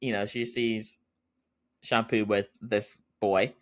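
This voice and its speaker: A man's voice: lowish voice, flat delivery, slow pace. A man hosting a podcast, chatting casually through an episode recap with lots of fillers and frequent laughs. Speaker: podcast host.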